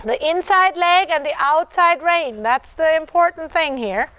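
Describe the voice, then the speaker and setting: A woman's voice: very high voice, measured pace, bright, forceful tone, dry recording. A woman clinician coaching a dressage rider live. She encourages the rider with repeated yeses and chants the horse's rhythm aloud. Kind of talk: live riding lesson coaching.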